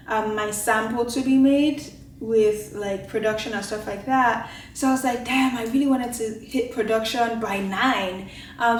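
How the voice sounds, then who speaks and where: A young woman in her late twenties chats to the camera in her kitchen, her voice sitting a touch high for a woman. She rambles casually and fills her sentences with "like". The room gives her voice a noticeable echo. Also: far from the mic, slight background noise. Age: late 20s. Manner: rambling, filler-heavy, many "like"s. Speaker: vlogger. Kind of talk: casual vlog chat to camera. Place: home kitchen, indoors. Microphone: camera mic. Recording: roomy echoey room.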